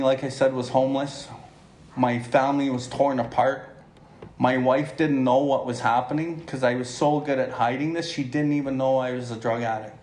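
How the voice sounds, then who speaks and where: A man's voice: medium pitch, a little mellow, slight background noise. A middle-aged man giving a candid, blunt personal testimony at a twelve-step speaker meeting, talking conversationally to the room. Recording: echoey hall recording.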